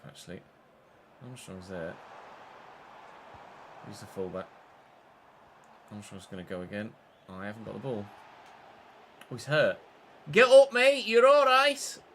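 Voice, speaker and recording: A young man streaming live, chatting through his football game and breaking into excited shouts between muttered asides. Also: fairly low pitch, slight background noise. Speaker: gaming streamer.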